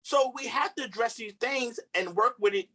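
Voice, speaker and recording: Bright-voiced male coach giving earnest advice. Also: very high voice, normal speed. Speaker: relationship coach guest. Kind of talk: casual podcast chat.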